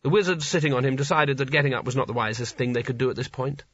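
Guy reading a funny fantasy audiobook, husky and bright, bouncy delivery, kinda dull dry sound. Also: mid-range voice, quick pace, no echo. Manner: lively, wry storytelling. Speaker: narrator. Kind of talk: audiobook narration.

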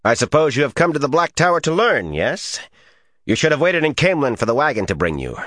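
A man's voice: fairly high pitch, very animated, fairly quick, fairly bright tone, dry recording, studio quality, pitched above the performer's own voice. A man voicing a sneering, arrogant male recruit who demands answers in an insolent tone. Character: sneering arrogant male recruit, just short of middle age.

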